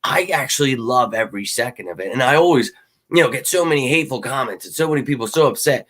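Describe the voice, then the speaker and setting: Man, live fan-stream host, casual chat, rowdy and cussing, tense bright voice, slightly worn from shouting. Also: medium pitch, animated, fast talker. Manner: hyped, rowdy and profane, swings loud. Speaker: sports fan show host.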